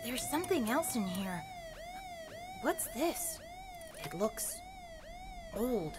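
A woman's voice: extremely high pitch, huge pitch swings, slow, a little mellow, faint music behind, heavily acted. A woman voicing an anxious young boy hero. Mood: worried.

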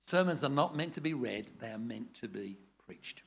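A man's voice: mid-range voice, lively intonation, normal speed, creaky, a bit bright, breathy edge. An older man running a preaching workshop, blunt and jokey, acting out different tones of voice as he teaches. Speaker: preaching trainer.

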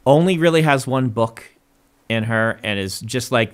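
A man hosting a casual chat, speaking in a relaxed, thoughtful, measured way. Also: medium pitch, clear, resonant tone. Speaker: host.

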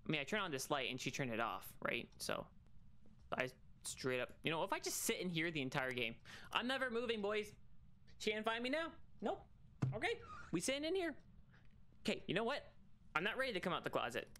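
Young male game streamer, bright crisp voice, teasing singsong banter with sudden excited yelps. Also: a little fast. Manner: chatty and teasing, calling out to the ghost in a singsong; bursts into high excited shouts. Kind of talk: solo gaming livestream.

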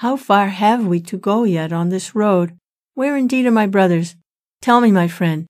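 Righteous king, read by a woman, anguished, questioning, storybook retelling, a little higher than her narrating voice. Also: normal speed, darkish tone, natural voice. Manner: pleading then indignant questioning. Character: anguished righteous king, middle-aged man.

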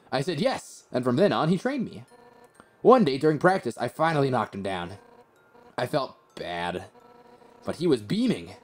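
A streamer voicing a brash, hot-headed female warrior who leads a royal guard, reading video game dialogue aloud. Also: medium pitch. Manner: brash, loud and teasing.

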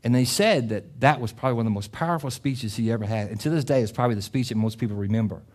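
A man's voice: mid-range voice, rapid-fire. Impassioned middle-aged male pastor preaching. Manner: impassioned, rising to loud emphatic peaks; repetitive, restarting phrases. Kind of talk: sermon with closing prayer.

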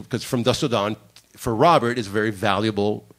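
A guest director from Miami, with a lowish voice and a slightly fast delivery, tells animated stories about his career on a conference panel, performing quoted lines as he goes. The setting is a conference room.

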